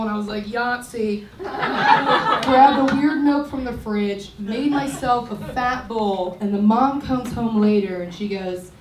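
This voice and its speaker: A woman tells a dry stand-up story in a high voice and an unhurried, drawn-out delivery. She is recorded from a distance in an echoey comedy club. Heavy noise sits under her voice throughout. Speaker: stand-up comic. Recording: roomy club sound captured from far off, loud background noise.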